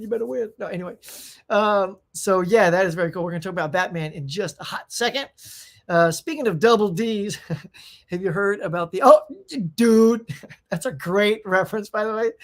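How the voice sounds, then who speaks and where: Rambling, excitable male stream host. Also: sits high. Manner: rambling and excitable, with frequent restarts and laughs. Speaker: pop culture show host. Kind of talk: casual live-stream chat.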